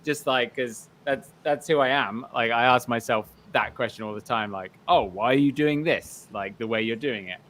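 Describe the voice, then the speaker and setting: A man's voice: medium pitch, moderate pace, few pauses, a bit bright. A man chatting as a guest on a casual podcast. He is blunt and pokes fun at himself. He keeps slipping into little impressions of the people he meets. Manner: blunt, self-mocking, acts out quoted people.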